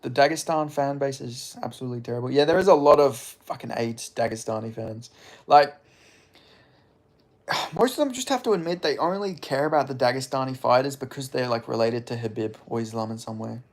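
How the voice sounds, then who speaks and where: A young man with a mild Australian accent chats casually on a livestream, reading out comments and answering them. His manner is laid-back and loose, full of casual swearing, and his voice sits at an everyday middle pitch. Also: brisk. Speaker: streamer answering chat.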